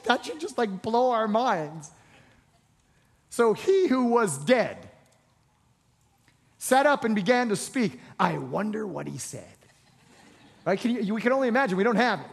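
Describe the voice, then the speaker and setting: High-voiced man preaching in a reverberant hall. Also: gravelly, slightly rough. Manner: rising to passionate exhortation, repeats phrases, quick asides. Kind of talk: sermon.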